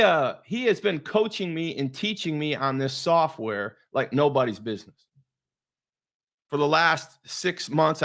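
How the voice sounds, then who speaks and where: High, bright, animated male host. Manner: animated storyteller, acts out quoted dialogue. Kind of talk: energetic show introduction.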